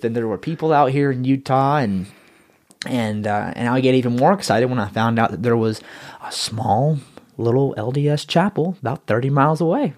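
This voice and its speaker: A man telling his own story in a casual interview, rambling and repeating words as he grows excited. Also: medium pitch, a little fast.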